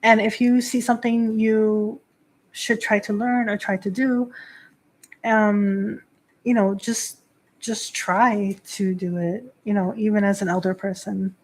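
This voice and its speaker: Woman, 30s, livestream host, casual chat, filler-heavy, frequent laughs, medium pitch. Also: level tone, slow pace. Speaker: host and Shinto priestess.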